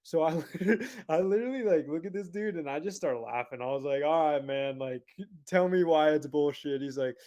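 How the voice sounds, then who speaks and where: A man who is a podcast guest, telling a story in a casual, animated way and laughing as he goes. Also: fairly high pitch, a little fast, few pauses.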